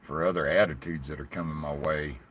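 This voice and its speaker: A man with a deep, low voice and a Southern hillbilly drawl talks to his viewers in a loose, rambling live stream. His talk is blunt and full of cussing. A faint background ambience sits under the voice. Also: fairly even intonation, brisk, a bit bright, a little hiss or hum. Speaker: livestreaming vlogger. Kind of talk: casual live-stream chat.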